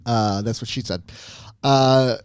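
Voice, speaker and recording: A man co-hosting a podcast in casual chat, lively and quick to laugh. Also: medium pitch, clean tone, no echo, clean studio sound. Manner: animated, laughs a lot, tries silly impressions. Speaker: podcast co-host.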